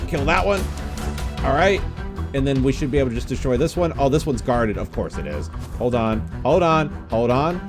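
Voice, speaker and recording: Excitable gaming YouTuber man, lively voice. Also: medium pitch. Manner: excitable, jokey, yelps and laughs. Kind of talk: Let's Play commentary.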